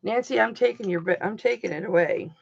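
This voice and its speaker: Middle-aged woman, live-stream host, gravelly voice, talky and emphatic; dull lo-fi home audio. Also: mid-range voice, fairly quick, no echo. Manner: chatty, emphatic, swings between loud and soft. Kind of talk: casual live-stream chat with viewers.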